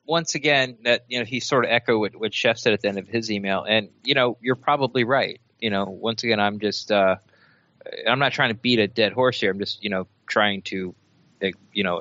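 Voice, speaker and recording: A man's voice: lowish voice, moderate pace, bright, forceful tone. A man co-hosting a sports podcast in casual, rambling chat full of fillers. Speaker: podcast co-host. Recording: dull, dry lo-fi podcast audio.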